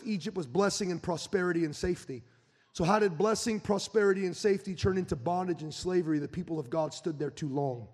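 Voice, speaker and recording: A young male preacher with a notably high voice, delivering a sermon that moves from chatty personal storytelling to forceful, insistent calls. His words ring out in a large church hall with a long, trailing reverb. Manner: conversational storytelling building to emphatic preaching.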